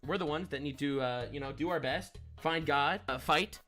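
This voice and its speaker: A man's voice: on the high side, moderate pace, sharp tone, faint music behind. A man streaming live, talking politics in an emphatic, preachy way and often asking "all right?".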